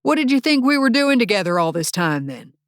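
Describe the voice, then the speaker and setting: A woman's voice: low-pitched, moderate pace, no echo, studio quality, lightly acted. A woman voicing an angry, hurt young man whose fiancée is leaving him, bitter and accusing. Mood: indignant.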